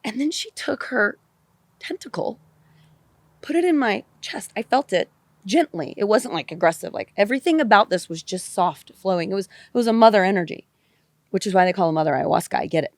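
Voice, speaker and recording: A woman podcast guest telling a personal story in an animated way, repeating phrases and swearing casually. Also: mid-range voice, brisk, no echo.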